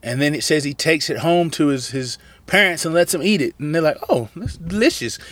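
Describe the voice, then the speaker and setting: A man casually retelling a Bible story in slangy, animated talk, acting out the characters' lines. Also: fairly high pitch, brisk, no room sound. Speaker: Bible study teacher.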